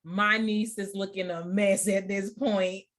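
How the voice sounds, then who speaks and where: A woman's voice: medium pitch, fairly even intonation, unhurried, a bit bright. A woman in her thirties hosting a podcast, telling a personal story in a casual, chatty way, often laughing and talking straight to her listeners. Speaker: podcast host.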